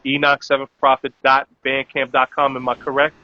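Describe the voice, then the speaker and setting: A man's voice: mid-range voice, completely flat delivery, fairly quick, dry recording. A man hosting a casual live-stream chat, loose and promotional, with many filler words. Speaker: host. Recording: dull lo-fi audio.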